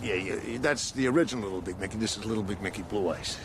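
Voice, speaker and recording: A man's voice: lowish voice, fast, close to an everyday voice. An actor playing an impatient New mafia man, coaching someone in a film clip. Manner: coaching, exasperated. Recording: film clip with street noise.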